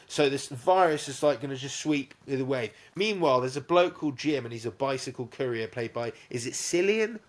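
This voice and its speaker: A man's voice: medium pitch, expressive, fairly quick, few pauses. A young man, a podcast co-host, retelling a film in casual, sweary chat and acting out bits with little sound effects.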